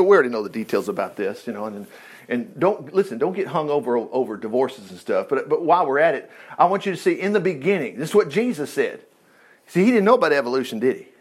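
Animated guy preaching, high voice that jumps all over, chatty asides while reading scripture. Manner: lively, digressive, animated asides and quips. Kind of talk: conversational sermon, reading scripture aloud.

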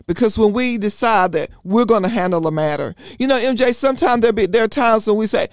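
A man's voice: high-pitched, moderate pace, a little mellow, no room sound, clean studio sound. A man leading a Bible study, preaching earnestly in rhythmic runs of repeated phrases. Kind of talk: preaching sermon.

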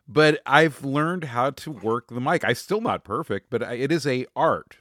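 A man's voice: medium pitch, no echo. A man co-hosting a casual podcast, joking around and stretching out words for emphasis on a studio microphone. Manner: lively, jokey, drawn-out emphasis. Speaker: podcast co-host.

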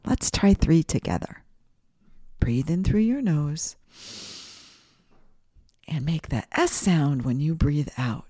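A woman's voice: low voice, animated, takes it slowly, pauses often, mellow, no echo, clean studio sound. A woman hosting a children's podcast, reading a story aloud and guiding breathing exercises in a sing-song, guiding way.

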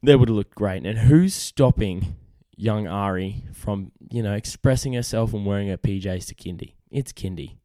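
A young Australian man chats on his podcast in a loose, matey way, swearing freely. His voice sits low and mellow, and it is starting to go. The sound is close and dry. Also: normal speed, few pauses, no room sound. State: losing his voice. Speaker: podcast host. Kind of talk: casual chat.

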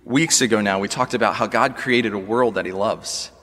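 A man preaching a sermon as a pastor, earnest and measured, often asking the congregation questions. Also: lowish voice, fairly bright tone, in a large hall.

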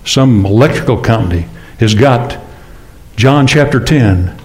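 A man's voice: lively intonation, measured pace. A man preaching a sermon in church, talking casually and asking the congregation rhetorical questions. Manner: conversational, with rhetorical questions and sudden rises in pitch. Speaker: pastor.

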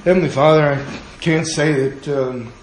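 Earnest pastor in a very echoey room. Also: male voice, fairly high pitch, fairly even intonation, measured pace, slight background noise. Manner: earnest, pleading, softening to a hush in prayer. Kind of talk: sermon and closing prayer. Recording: very echoey room with faint ambience.

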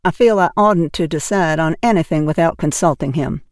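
A woman voicing a stern, brisk middle-aged spinster woman who speaks severely. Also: deep voice, dry recording, studio quality, lightly acted. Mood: measured.

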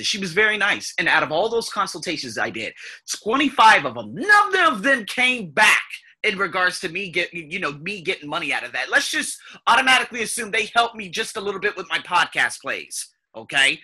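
A man hosting an English-learning podcast, telling stories in a rambling, profane and animated way. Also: sits high, husky. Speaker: ESL podcast host. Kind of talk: casual storytelling monologue.

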